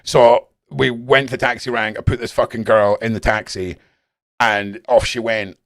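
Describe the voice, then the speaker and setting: A Scottish man rambles to his live-stream chat in a loose, casual way. He swears heavily and talks bluntly with lots of animation. His voice sits at an everyday middle pitch, and the sound is dry and close with no room echo. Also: level tone, moderate pace, fairly bright tone. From Scotland.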